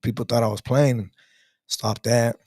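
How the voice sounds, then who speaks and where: A man's voice: mid-range voice, steady tone, unhurried, darkish tone, no room sound, clean studio sound. A man in his thirties telling his faith testimony in casual storytelling, emphatic, with slang and many restarts. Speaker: guest sharing testimony.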